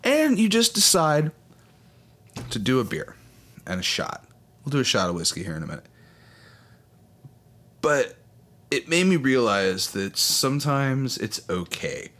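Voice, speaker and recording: A man's voice: mid-range voice, big pitch swings, a little slow, pauses often, fairly bright tone. A young man hosting a casual solo podcast, laid-back and rambling, swearing freely as he talks. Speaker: podcast host.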